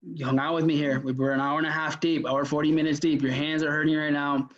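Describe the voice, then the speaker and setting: A man's voice: a little high, little pitch movement, fast, fairly bright tone. A man leading a casual sales workshop lecture, chatty and full of fillers and restarts. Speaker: mentor teaching a sales workshop. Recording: dull lo-fi audio.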